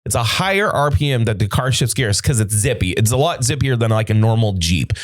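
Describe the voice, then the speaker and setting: Brisk and mid-range, a male podcast host narrates a story in relaxed studio chat. He curses a lot and brings the quoted dialogue to life with animated delivery.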